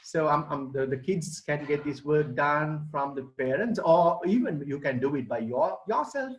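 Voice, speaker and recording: A man's voice: on the high side, animated, normal speed, poor audio. A middle-aged man, giving an online presentation as a gardening expert and explaining things to children and parents.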